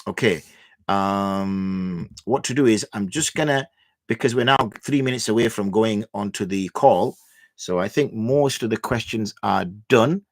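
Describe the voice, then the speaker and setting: A man's voice: lowish voice, a little slow, dry recording. Man, livestream host, casual rambling, lots of fillers, dry sound. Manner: loose, thinking aloud with many fillers. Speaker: mufti hosting Q&A.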